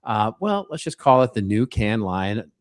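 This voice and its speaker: A man's voice: lowish voice, sing-song, normal speed, no echo, studio quality. A man co-hosting a podcast, chatting casually, joking and laughing easily. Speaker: podcast co-host.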